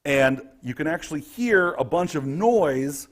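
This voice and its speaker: Male game master, slightly high, husky, very expressive delivery. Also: unhurried. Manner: lively, vivid scene-setting narration. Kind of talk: narrating a tabletop game.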